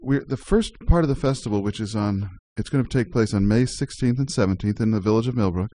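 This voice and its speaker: A man's voice: lowish voice, fast, mellow, dry recording. Friendly male radio host, casual chat with frequent laughs. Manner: chatty, laughs easily, restarts often.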